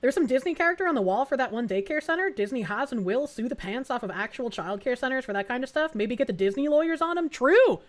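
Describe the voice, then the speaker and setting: A woman's voice: high voice, expressive, fast talker, few pauses. A woman giving blunt, sarcastic reaction commentary as a streamer, swearing freely.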